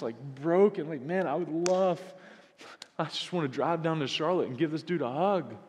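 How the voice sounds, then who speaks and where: A man preaching a sermon, earnest, rising to loud emphatic peaks and dropping to soft, hushed passages. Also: fairly high pitch. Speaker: pastor. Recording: long hall reverb.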